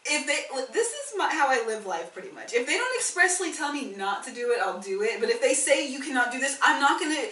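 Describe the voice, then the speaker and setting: A woman co-hosts a casual podcast, telling stories in an animated, rambling way. Her voice sits on the higher side. She sounds a little distant from the mic, in a room with some echo. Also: quick pace, hardly any pauses. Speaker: podcast co-host. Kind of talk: casual chat.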